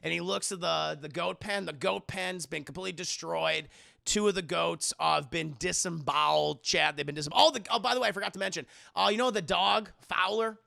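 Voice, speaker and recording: A young man giving a casual, profane, animated comic film recap to a live chat. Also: high voice, a little fast, creaky, no room sound, studio quality.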